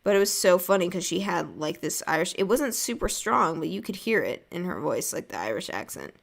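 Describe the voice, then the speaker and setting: Low, lively, gravelly woman chatting. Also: brisk. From United States. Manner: chatty, rambling, laughs often. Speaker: artist streaming a drawing session. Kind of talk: casual chat while drawing.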